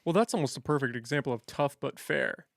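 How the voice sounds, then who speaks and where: Gravelly-voiced male podcast host. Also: mid-range voice, a little fast, no echo, clean studio sound. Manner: asks reflective follow-up questions. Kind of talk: conversational interview.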